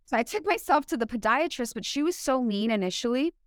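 A woman co-hosting a podcast, telling a story in an animated way and acting out the lines of the people in it. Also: a little high, fast talker, no echo, studio quality. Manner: animated storyteller who acts out dialogue. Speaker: podcast co-host. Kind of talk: casual podcast chat.

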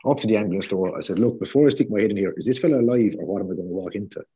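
A man telling a lively, profane story on a casual podcast, acting out what people said. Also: on the low side, racing, breathy edge, no room sound, lo-fi sound. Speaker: podcast guest, football fan.

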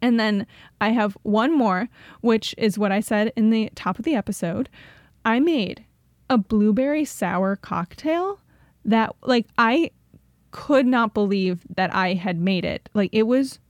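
A woman's voice: medium pitch, measured pace, no room sound. A young adult woman co-hosting a podcast in casual chat, chatty and upbeat, laughing often. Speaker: podcast co-host.

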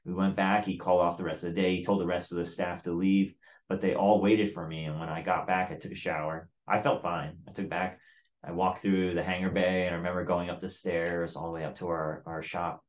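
Low-voiced blunt man telling a story. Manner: profane, blunt, fillers of "like". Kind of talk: casual storytelling.

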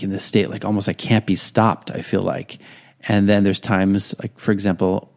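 Gravelly low-voiced man talking casually. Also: darkish tone. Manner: earnest, conversational, acts out quoted inner voices. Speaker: podcast host, artist. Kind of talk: casual monologue.

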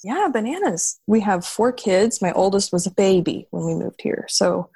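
In a casual podcast conversation, the female guest is chatty and animated, with frequent laughter and restarted words, and still has her morning voice. Her mid-range voice is creaky, warm, and slightly rough, at a moderate pace with no echo.

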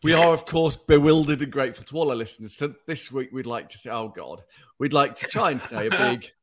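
A man's voice: mid-range voice, fairly quick, fairly bright tone. Dry, giggly man on a podcast. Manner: dry, self-deprecating, giggly. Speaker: podcast co-host, doctor. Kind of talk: casual podcast chat, reading listener letters.

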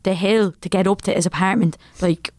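Fast-talking young Irish woman telling a story. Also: mid-range voice, no room sound, studio quality. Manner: animated anecdote-telling with frequent fillers. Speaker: guest comedian. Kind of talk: casual podcast chat, storytelling.

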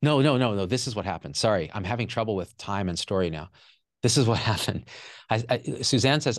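A man's voice: fairly low pitch, lively intonation, fast, no echo, studio quality. A man guest on a podcast, telling an emotional personal story with raw, repeated phrases and some swearing.

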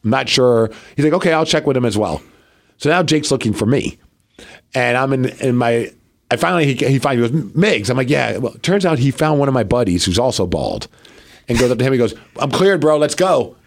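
Gravelly man telling a wrestling story. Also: mid-range voice, fairly quick. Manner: animated storytelling with quoted dialogue. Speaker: podcast co-host and local wrestler. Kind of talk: casual chat.

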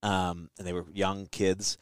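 Male podcast host, low, smooth voice, dry close sound, reflective. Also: little pitch movement, a little slow, no echo. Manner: thoughtful, reflective, laughs readily. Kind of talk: casual podcast chat.

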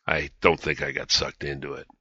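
A man's voice: extremely low pitch, little pitch movement, fairly quick, bright, forceful tone, husky, no room sound. A man hosting a podcast, rambling and emphatic in conversational political commentary, with many restarts. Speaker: podcast host. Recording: dry, slightly dull studio sound.

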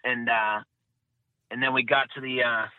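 A man's voice: mid-range voice, level tone, normal speed, clean tone, no echo. Man telling his story over a tinny line. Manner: rambling, self-correcting, repeats phrases. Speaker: guest, bombing survivor. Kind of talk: casual interview, personal account. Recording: dry tinny phone-like sound.

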